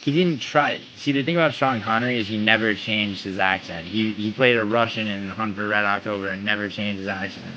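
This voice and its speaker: A man's voice: lowish voice, steady tone, brisk, few pauses, bright, forceful tone, dull audio, a little hiss or hum. A man hosting a livestream in casual chat with his viewers, brash and profane, trash-talking and bragging. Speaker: livestream host.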